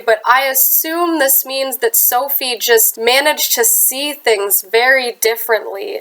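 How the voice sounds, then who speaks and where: A young woman with a Midwestern accent hosts a true crime story, her voice a touch high and thickened by a sinus infection. She talks earnestly and chattily, dropping in casual asides. The home recording sounds harsh and clips now and then. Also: fairly bright tone, a little hiss or hum, low-quality recording. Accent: American Midwestern. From United States. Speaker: true crime channel host.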